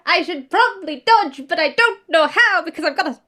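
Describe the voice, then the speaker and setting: A woman voicing a furry toon mother who dotes on her little one, gushing and cooing with excitement. Her voice sits high and bright with delight. It is cartoonish tabletop role-play. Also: a little fast, heavily acted. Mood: doting.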